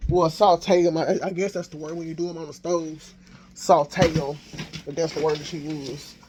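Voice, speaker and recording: A man vlogging casually from his home kitchen on a handheld phone, thinking out loud as he cooks. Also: on the high side, little pitch movement, moderate pace, a little hiss or hum. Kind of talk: casual chat while cooking.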